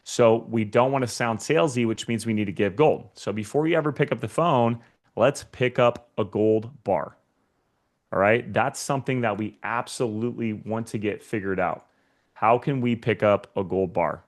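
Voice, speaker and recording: A man with a lowish voice speaks at normal speed, giving an energetic motivational sales training talk to real estate agents. He addresses his audience directly and acts out short scenes.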